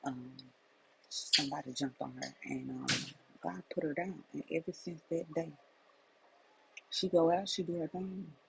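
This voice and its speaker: Middle-aged woman coach giving a faith testimony, gravelly voice, emphatic and repeats herself a lot. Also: low-pitched, animated, a little slow, long pauses, slight background noise, poor audio. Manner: emphatic, repetitive storytelling. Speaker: life coach. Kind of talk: personal testimony and faith message.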